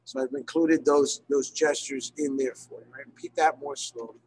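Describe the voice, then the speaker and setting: A man teaching library staff in an online workshop, checking in often with his class and slowing down to model phrases. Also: medium pitch, fairly even intonation, darkish tone, slight background noise, rough recording. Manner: checks in often, gives examples slowly. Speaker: Spanish instructor for library staff.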